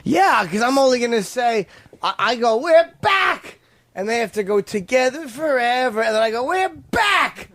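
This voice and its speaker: A man's voice: extremely high pitch, fairly quick, no echo. A middle-aged man bantering on a radio show, laughing often and belting out mock song lines. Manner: playful, laughs a lot, mock-singing shouts. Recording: radio studio with music playing.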